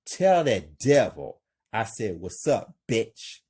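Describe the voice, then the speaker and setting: A man reading the lines of a calm, stoic male vampire hunter in a husky, unhurried voice. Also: on the low side, heavily acted. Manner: flat, calm, slow delivery. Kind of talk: amateur script read-aloud.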